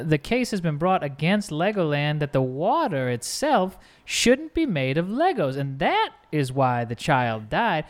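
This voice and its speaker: A man playing a bumbling defense lawyer in an improvised courtroom comedy scene, rambling and halting over his words. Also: on the high side. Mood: pompous. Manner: rambling, halting, full of fillers. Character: bumbling male defense lawyer claiming a Dutch past.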